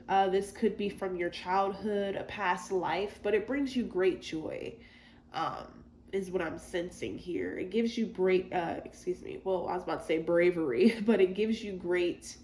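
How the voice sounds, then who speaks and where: A chatty woman reads tarot cards in a loose, rambling way, full of fillers and side remarks. Her mid-pitched voice sounds roomy and echoey, with a faint hiss underneath. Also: a little mellow. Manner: chatty, many fillers and asides. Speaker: tarot reader. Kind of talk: casual tarot reading. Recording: echoey room with faint noise.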